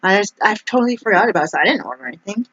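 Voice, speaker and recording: Here a woman vlogger talks very fast in a medium-pitched, slightly bright voice with lively intonation. Her casual monologue to camera meanders, peppered with "like" and frequent restarts. Faint noise sits under the dull lo-fi recording.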